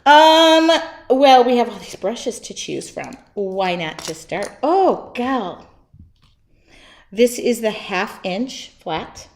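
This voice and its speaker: A woman's voice: fairly high pitch, big pitch swings, slow pace. A woman teaching a live painting demo from her home studio, chatty and self-mocking, laughing at herself as she works. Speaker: art teacher.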